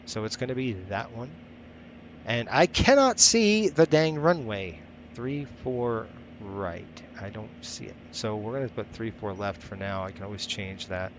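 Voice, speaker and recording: A man's voice: fairly low pitch, lively intonation, unhurried, highs cut off, slight background noise. A man hosting a live stream, thinking aloud as he sets things up and chatting with viewers between steps. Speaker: flight sim streamer.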